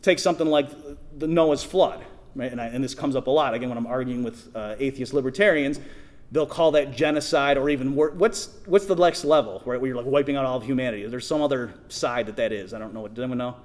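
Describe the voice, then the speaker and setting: A man's voice: mid-range voice, fast talker. A middle-aged man speaking at a conference, conversational, often checking in with the audience and restarting sentences. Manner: conversational, asks the audience, many restarts and "right?". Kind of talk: conference talk. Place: conference hall.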